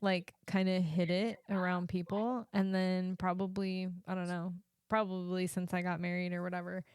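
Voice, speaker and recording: A woman host in casual chat, relaxed and agreeable, laughing easily. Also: on the low side, normal speed, smooth, dry recording, studio quality. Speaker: podcast host, life coach.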